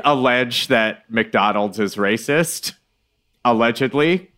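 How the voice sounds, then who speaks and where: A man co-hosting a podcast, chatting casually with animated swings from mumbled asides to loud outbursts. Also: on the low side, unhurried. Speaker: podcast co-host. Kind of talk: casual chat.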